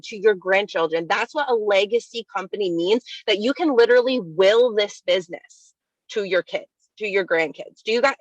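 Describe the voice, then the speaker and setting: A woman leading a network-marketing team, giving an energetic, upbeat recap and repeatedly addressing her listeners as "you guys.". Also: medium pitch, dry recording, rough recording.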